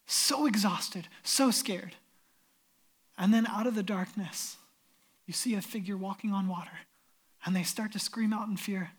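A man's voice: high-pitched, unhurried, long pauses, fairly bright tone. A man preaching as pastor, reading scripture and retelling it in an earnest, emphatic storytelling way.

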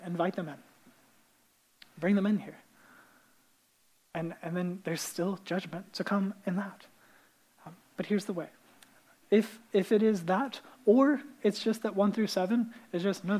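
A man preaching a sermon in a casual, animated way, with many fillers and restarts. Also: high-pitched, low-quality recording. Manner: animated storytelling, acting out the characters' lines. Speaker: pastor.

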